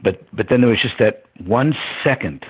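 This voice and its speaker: An older man with a husky voice, reflectively telling a story as an interview guest. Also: mid-range voice, expressive, normal speed. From United States. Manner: reflective, with many ums and soft laughs. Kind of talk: storytelling in conversation. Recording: dull lo-fi sound.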